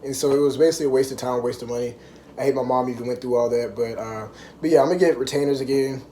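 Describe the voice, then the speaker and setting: A man's voice: medium pitch, steady tone, racing, dark tone, slight background noise. A young man vlogging to camera, telling a story in loose, rambling casual chat full of fillers.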